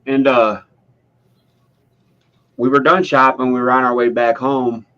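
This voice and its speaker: A man's voice: mid-range voice, level tone, a little slow, sharp tone, smooth. Laid-back American man on a dull mic. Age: adult, has a daughter. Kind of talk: casual voice chat.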